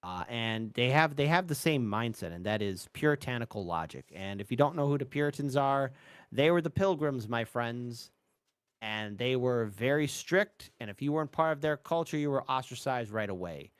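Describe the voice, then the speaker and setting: A man's voice: mid-range voice, animated, normal speed, smooth, no room sound. A man guesting on a casual chat who speaks emphatically, gives advice and repeats words as he restarts.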